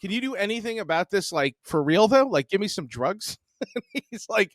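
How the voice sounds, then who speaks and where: Man, early forties, slightly high voice, profane, laughing, casual podcast storytelling. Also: moderate pace, dry recording. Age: 40s. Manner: profane, animated, laughs often. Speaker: podcast co-host.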